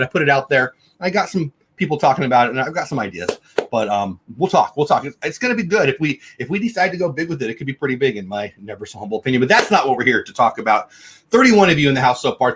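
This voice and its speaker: A man hosting a casual livestream, greeting viewers by name in quick, upbeat shout-outs. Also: medium pitch, expressive, slightly rough. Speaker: livestream host.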